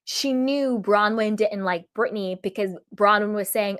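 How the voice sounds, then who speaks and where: A woman giving an emphatic, opinionated recap of a reality show episode in a casual vlog, full of quick asides. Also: medium pitch, a bit bright, clear, resonant tone. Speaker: reality TV reviewer.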